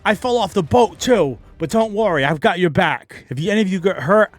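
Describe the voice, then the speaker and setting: A man's voice: high-pitched, lively intonation, brisk, dry recording, soft background music, pitched above the performer's own voice. A man voicing a timid male white mage who eagerly offers to heal. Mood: reassuring.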